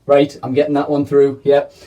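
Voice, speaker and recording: A man's voice: medium pitch, completely flat delivery, moderate pace, mellow, recorded from a distance, dull audio, faint music behind. A man teaching a children's video lesson in a playful, chatty way, often checking in with "okay?". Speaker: primary school teacher.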